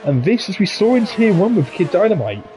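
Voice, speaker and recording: A man's voice: high-pitched, big pitch swings, a crowd in the background. Chatty jokey male race commentator. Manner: chatty, jokey, quick asides. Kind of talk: live sim racing commentary.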